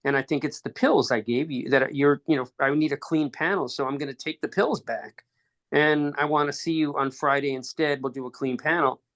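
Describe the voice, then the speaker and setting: A man telling a personal story as a podcast guest, in halting phrases with restarts, acting out quoted dialogue. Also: fairly high pitch, fairly bright tone.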